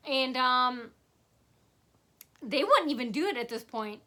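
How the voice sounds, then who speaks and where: A woman's voice: high voice, lively intonation, slow, bright, forceful tone. A woman telling a rambling personal story to camera, sarcastic and full of fillers and asides. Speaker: vlogger.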